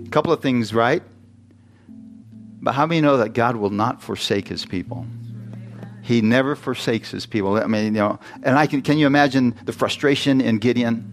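A man's voice: medium pitch, brisk, soft background music. A man preaching a sermon, reading scripture aloud and putting questions and jokes to the congregation. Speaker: pastor.

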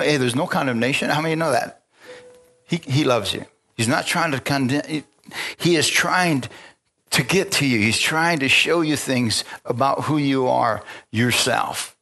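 This pastor's medium-pitched voice is creaky and a bit bright. He preaches conversationally, regularly prompting the congregation to say amen and chuckling through his sermon.

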